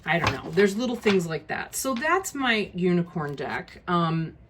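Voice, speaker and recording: A woman's voice: on the low side, sing-song, unhurried, a bit bright, slight background noise. A woman talking casually through a tarot deck walkthrough, frank and easily exasperated, with many ums and restarts. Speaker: tarot video creator.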